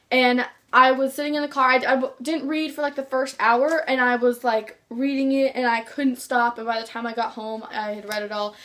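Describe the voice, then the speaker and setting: A woman's voice: on the high side, fairly bright tone. A teenage girl vlogging about books she loves, gushing and rambling with many restarts. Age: teens. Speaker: book vlogger. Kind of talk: casual chat to camera.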